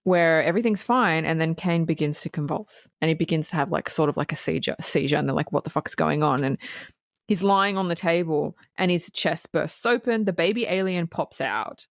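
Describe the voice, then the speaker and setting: A woman co-hosting a podcast, recapping a film in casual chat, lively and laughing, swearing freely. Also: low voice, normal speed, no room sound, studio quality. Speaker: podcast co-host.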